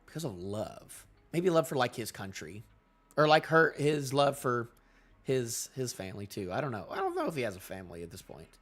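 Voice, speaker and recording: A young man reviewing a manga chapter on a casual live stream, excitable and full of fillers. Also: mid-range voice, fairly quick. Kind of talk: casual live reading and reaction.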